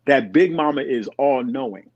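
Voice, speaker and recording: On a dull, dry recording, a middle-aged podcast guest with a mid-range voice tells conversational stories at a moderate pace. He gets animated, performing the voices of those he quotes.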